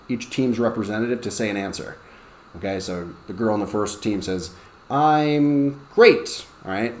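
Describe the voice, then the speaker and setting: A male ESL teacher talks other teachers through a lesson plan in a conversational way, often checking in with "okay?". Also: on the low side. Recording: roomy with faint background noise.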